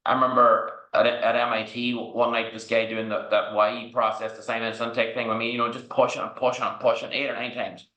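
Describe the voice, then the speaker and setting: Irish man, forceful bright voice, frank rambling storyteller, echoey room. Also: medium pitch, flat delivery, a little fast, hardly any pauses. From Ireland. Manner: rambling, frank, peppers with "right?" and swearing. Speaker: podcast guest, entrepreneur. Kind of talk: candid storytelling interview.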